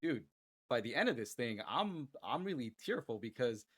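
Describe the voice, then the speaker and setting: A man's voice: medium pitch, big pitch swings, moderate pace, slightly rough. A man co-hosting a casual wrestling podcast, speaking candidly and emphatically. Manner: candid and emphatic, building to loud enthusiasm. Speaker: podcast co-host.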